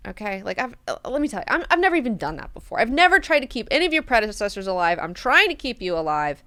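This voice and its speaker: A woman's voice: a little high, very animated, quick pace, sharp tone, voice pushed up, exaggerated voice. A woman voicing a harried old male official who sounds exasperated and swears casually.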